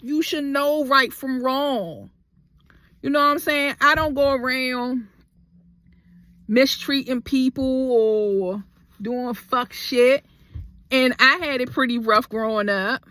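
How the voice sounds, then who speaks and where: A woman's voice: high voice, fairly even intonation, slow pace, sharp tone, no echo, studio quality. A young adult woman in a heated storytime vlog, talking bluntly. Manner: blunt, heavy cursing, heated. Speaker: vlogger.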